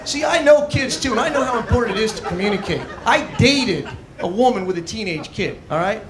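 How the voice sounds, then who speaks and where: A man's voice: high voice, expressive, fairly quick, a crowd in the background. A man from Arizona doing a stand-up comedy set on a club stage, with a brash, mocking, punchy delivery into a handheld mic. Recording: echoey club with audience laughter.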